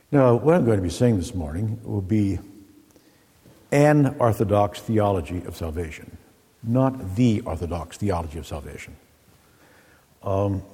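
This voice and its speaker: A man preaching in a church, his voice deep, dark and a little husky. He moves from folksy stories into measured teaching. The sound rings with a long echo through a large hall. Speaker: Orthodox priest. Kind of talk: sermon with opening jokes. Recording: echoey hall with long reverb.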